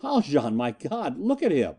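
A frantic, clipped gentleman crying out in alarm, as a male narrator puts him on. The voice jumps high above the reader's own, with a mellow, rounded timbre and lively swings in pitch. This is an audiobook reading. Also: unhurried, slightly rough, heavily acted. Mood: panicked. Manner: frantic, clipped, proper "I say" speech. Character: panicked gentlemanly man aboard a falling spaceship.

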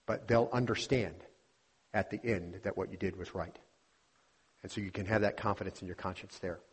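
A man's voice: deep voice, moderate pace, slightly rough. A man preaching an earnest teaching sermon from a church pulpit, calling his listeners beloved as he explains scripture. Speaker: pastor. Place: church sanctuary.

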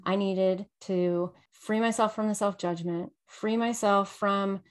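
A middle-aged woman, a podcast guest, talking casually and telling stories with lively, acted-out quotes. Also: medium pitch, takes it slowly. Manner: animated storyteller who acts out quoted voices. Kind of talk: casual interview conversation.

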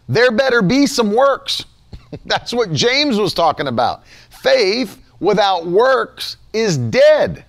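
Guy preaching, pretty high voice, swings up and down a lot, keeps repeating his point. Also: a bit bright. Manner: emphatic, repeats key phrases, reads scripture aloud. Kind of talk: sermon.

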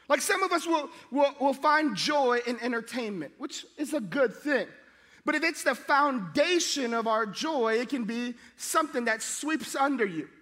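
A man's voice: very high-pitched, in a large hall. A middle-aged man preaching a sermon, telling funny stories and acting out the people in them. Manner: animated, jokey, acts out voices. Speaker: pastor. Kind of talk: sermon with storytelling.

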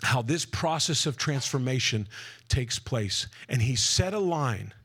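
A man giving an energetic preaching talk to a conference audience, with jokey asides and questions thrown to the crowd. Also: medium pitch, measured pace, slightly rough. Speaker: conference speaker. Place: conference hall before a live audience.

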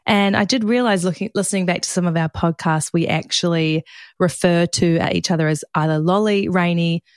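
A woman's voice: fairly low pitch, steady tone, a little fast, smooth, dry recording. Young woman, podcast co-host, laughs easily, dry close mic. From Australia. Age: young adult. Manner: giggly, reactive. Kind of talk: casual podcast chat.

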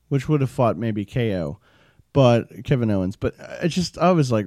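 A man's voice: medium pitch, lively intonation, unhurried, mellow, no room sound, clean studio sound. A young man ranting casually as a show host, rambling, profane and exasperated. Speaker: show host reviewing wrestling. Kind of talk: casual rant.

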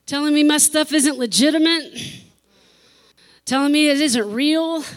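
A woman pastor preaching an emotional sermon, repeating phrases for emphasis and laughing between lines. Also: high-pitched.

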